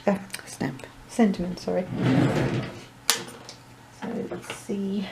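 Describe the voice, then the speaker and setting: A woman's voice: medium pitch, flat delivery, slow pace, heavy background noise. A woman chatting her way through a card-making tutorial, rambling with self-deprecating asides and muttering to herself. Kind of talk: crafting tutorial chat.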